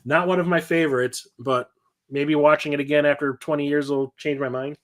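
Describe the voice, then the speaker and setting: A man's voice: on the high side, steady tone, brisk. Rambling, enthusiastic middle-aged man. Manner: enthusiastic and rambling, quoting movie lines with laughs. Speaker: host of a physical media collection show. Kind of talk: casual chat, showing off new purchases.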